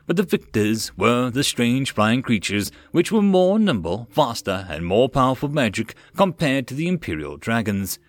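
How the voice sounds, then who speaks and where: A man reading a web novel aloud as an audiobook narrator, steady and plain with occasional stumbles. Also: fairly low pitch, no room sound.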